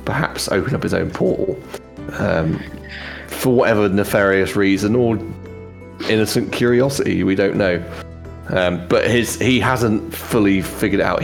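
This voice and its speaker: Deep, gravelly game master. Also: male voice. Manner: rambling, many fillers and restarts. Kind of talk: narrating a tabletop game.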